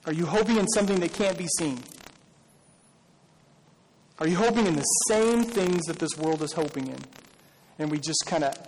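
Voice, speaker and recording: A middle-aged man preaches a sermon, with a conversational tone, rhetorical questions and repeated lines. His voice sits a bit high for a man. It rings with a long hall reverb over faint background noise. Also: a little mellow. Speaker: pastor.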